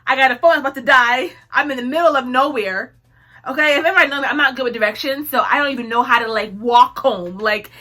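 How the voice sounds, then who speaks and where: A young woman vlogger telling a personal story to camera in a casual, animated way, acting out what she said. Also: high voice. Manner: animated, acts out her own lines with laughs.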